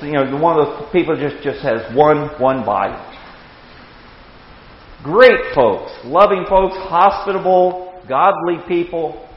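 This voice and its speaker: A man in his sixties teaching a Bible class with anecdotes, animated, chuckling and repeating words as he starts sentences. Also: medium pitch. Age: 60s. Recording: echoey hall, dull lo-fi sound.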